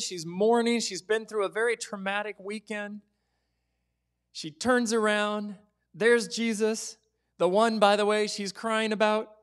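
A man's voice: sits high, fairly even intonation, unhurried, clean tone. A man preaching a sermon as pastor in a church, telling stories and dropping to whispers for effect. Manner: storytelling, acts out quoted voices, drops to whispers.

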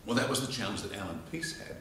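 A man's voice: lowish voice, fast talker, far from the mic, a little hiss or hum. Australian man lecturing in an echoey hall. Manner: animated storyteller, acts out quotes and laughs along. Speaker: public speaking teacher. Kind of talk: informal lecture with demonstrations. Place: church hall with live audience.

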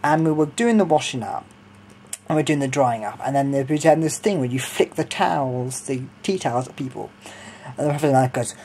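A man's voice: mid-range voice, fairly quick, darkish tone, slight background noise. A young man from Sussex, telling stories in a rambling, hesitant way with lots of ums and giggles. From Sussex, England. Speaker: vlogger. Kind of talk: casual storytelling.

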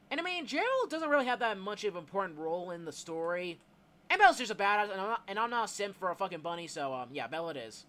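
A man's voice: high-pitched, pushed and bright. A young man doing Let's Play commentary, swearing a lot and rambling with lots of fillers. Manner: reads game dialogue aloud in put-on voices. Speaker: gameplay YouTuber.

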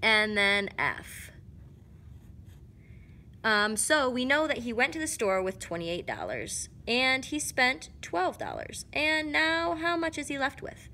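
A woman's voice: sits high, very animated, slow, pushed and bright, slight background noise. A woman casually walking through math word problems, thinking aloud and correcting herself as she goes. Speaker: math explainer. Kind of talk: casual lesson walkthrough.

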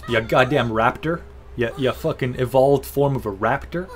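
A man's voice: mid-range voice, moderate pace. A man doing foul-mouthed, joking gameplay commentary. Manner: profane, joking, talks to himself and the game. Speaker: gaming video host. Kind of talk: casual let's-play commentary.

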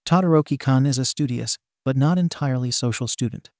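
A man's voice: mid-range voice, brisk, a little mellow, dry recording, studio quality, lightly acted. A man reading as a stiff, formal teenage boy. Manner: firm, formal. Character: formal, earnest teenage class president type boy.

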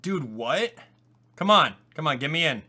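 Young male game streamer, higher pitched, animated, erupts into shouts of disbelief. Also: a little slow. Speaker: gaming YouTuber. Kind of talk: live-stream gameplay commentary.

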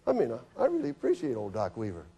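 A man's voice: mid-range voice, huge pitch swings, quick pace, creaky, mellow, slightly rough. A middle-aged man, a physician, telling humorous stories from his practice in a health talk, acting out his patients' lines. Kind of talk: storytelling health lecture.

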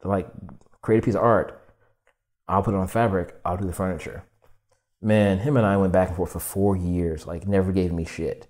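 A young man telling his story as a podcast guest, casual and animated, swearing and acting out quoted lines with lots of "like". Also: low voice, moderate pace. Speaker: podcast guest, furniture designer.

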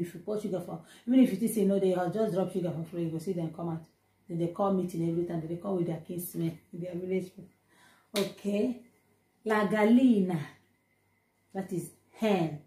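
A woman with a Nigerian Pidgin accent teaching vocabulary in a relaxed, informal way, saying each word slowly and adding chatty Pidgin asides between them. Her voice is low and mellow. The recording carries a noticeable room echo. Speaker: language teacher.

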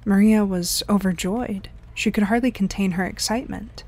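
A woman's voice: medium pitch, steady tone, moderate pace, a little mellow. A woman narrating an audio story, reading the dialogue in lightly varied voices.

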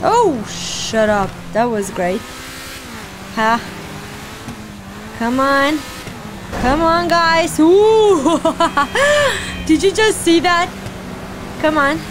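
A high-voiced woman narrates her gameplay in an unhurried, drawn-out way, cheering and scolding her character as she goes. Her voice comes with a steady noise bed and game sound beneath it. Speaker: gaming channel host. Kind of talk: casual let's-play commentary.

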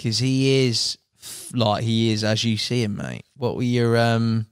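A man hosting a podcast, asking relaxed questions and giving short reactions. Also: medium pitch, a little slow, clear, resonant tone, no room sound, clean studio sound. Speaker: podcast host. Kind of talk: casual interview chat.

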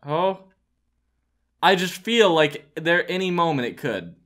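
A man's voice: fairly high pitch, unhurried, pauses often. A young man giving jokey let's play commentary, chatting to himself as he builds and yelping when startled. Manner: animated, jokey, talks to himself while building; yelps and shouts in panic. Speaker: gaming YouTuber.

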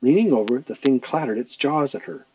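A man's voice: mid-range voice, animated, fairly quick, darkish tone, no echo, muffled recording. Man reading a novel aloud. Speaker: audiobook reader.

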